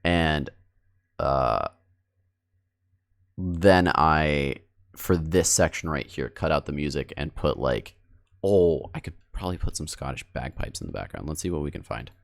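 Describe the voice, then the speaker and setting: A man's voice: rumbling low, lively intonation, unhurried, creaky. A young man streamer chatting casually with his viewers while editing a video, rambling and cutting himself off. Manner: rambling, self-interrupting, addressing chat.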